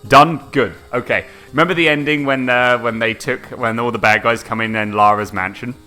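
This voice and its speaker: A man co-hosting a casual gaming podcast, animated and quick to laugh, acting out quotes in high voices. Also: faint music behind. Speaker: podcast co-host.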